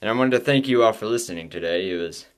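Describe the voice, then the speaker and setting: Near tears, a man on his own podcast recounts his faith journey haltingly, with many restarts. His voice is lowish and smooth.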